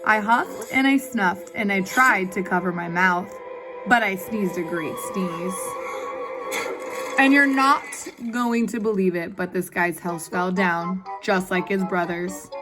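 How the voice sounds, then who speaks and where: A woman's voice: medium pitch, slow pace, lightly acted. A woman reading a storybook aloud as a sniffly, self-pitying male wolf who tells his own side, confiding and indignant, with music underneath. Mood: aggrieved. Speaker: guest reader.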